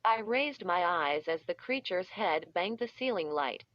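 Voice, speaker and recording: A woman reading a children's story aloud in a deliberate way, stretching out the sound effects, with dull, slightly muffled audio. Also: fairly low pitch, expressive, a bit bright, no room sound. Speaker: audiobook reader. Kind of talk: scripted storybook narration.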